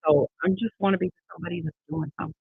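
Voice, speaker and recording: A woman in her fifties speaks earnestly in an interview, her husky, gravelly voice leaning on repeated phrases for emphasis. The sound is tinny and phone-like. It is also dry, with no room around it. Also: on the low side, fairly even intonation, racing, no room sound. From Erie, Pennsylvania. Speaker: judicial candidate guest. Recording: tinny dry online call audio.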